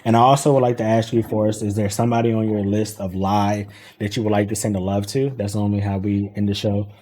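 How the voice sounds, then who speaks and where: A man's voice: lowish voice, little pitch movement, fast talker, dark tone. A man hosting a casual livestream talk show, loose and laughing, with slang.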